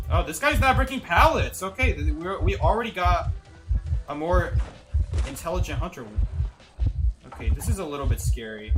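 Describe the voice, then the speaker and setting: A man streaming a game live, commenting on his play and joking with chat, laughing often from a basement room. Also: mid-range voice.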